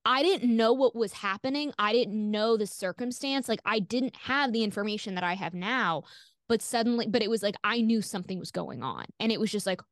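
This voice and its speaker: On an interview podcast, a woman guest shares a personal story candidly in a mid-range voice, talking a little fast in a clean, echo-free studio recording. She's animated, swears freely, peppers her speech with "like," and acts out quoted voices.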